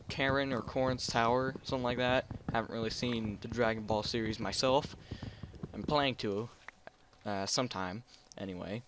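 A man's voice: medium pitch, background noise. A man hosting a casual video game let's play, talking through what he sees in a rambling, unsure, self-deprecating way. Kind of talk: casual gameplay commentary.

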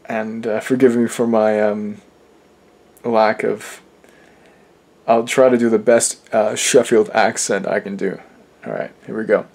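A young man hosting a casual personal vlog, talking in a soft, earnest and halting way. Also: on the low side, little pitch movement. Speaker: channel host.

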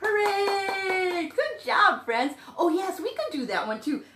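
High, sing-song woman teaching toddlers. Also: sing-song, echoey room, heavy background noise. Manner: slow, exaggerated, playful talk to small children. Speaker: children's music teacher and show host. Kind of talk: sing-along show for toddlers.

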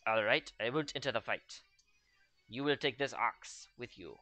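A big dim-witted axe-swinging brute with a clumsy mock Russian accent, put on by a young man reading game dialogue. He booms out his lines in a bright, forceful voice, a little distant from the mic. Faint game music plays underneath. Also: moderate pace, dry recording, natural voice. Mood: resigned.

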